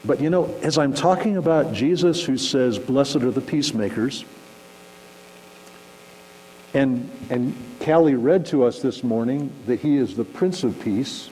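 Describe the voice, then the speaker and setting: A man delivers a relaxed, conversational sermon, now and then acting out little scenes to make his point. His voice rings with a long hall reverb, and a faint electrical hum sits underneath. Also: mid-range voice, a little slow. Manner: conversational, animated, acts out shouting examples. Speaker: pastor. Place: church sanctuary.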